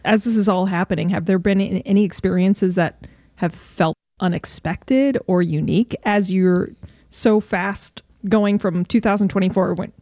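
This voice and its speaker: A woman's voice: mid-range voice, dark tone, no room sound, clean studio sound. A woman hosting a radio show, interviewing a guest and announcing the next segment. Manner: friendly, brisk show announcing. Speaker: radio host.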